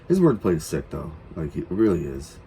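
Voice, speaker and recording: A man's voice: very deep voice, sing-song, normal speed, dark tone, slight background noise. A man giving casual, rambling commentary while reacting to a song, with many fillers. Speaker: reaction video host.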